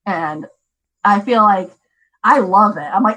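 Chatty young mother, animated. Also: medium pitch, normal speed, low-quality recording. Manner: chatty, animated, many fillers. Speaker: parent. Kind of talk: casual chat.

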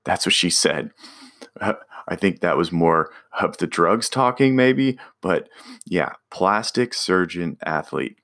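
A man's voice: sits low, unhurried, fairly bright tone. A man casually telling a personal story about a driving job, rambling with restarts and fillers.

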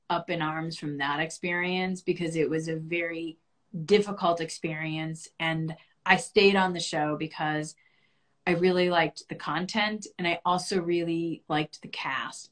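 A woman earnestly and reflectively telling a personal story as a guest in a conversation. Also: fairly bright tone. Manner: earnest and reflective, rising high and fast when reliving panic.

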